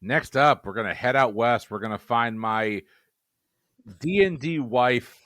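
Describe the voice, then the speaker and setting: A man's voice: mid-range voice, a little slow, a bit bright, dry recording, studio quality. A man hosting a casual trivia podcast, joking as he introduces the players. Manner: jokey, playful introductions. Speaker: quiz show host.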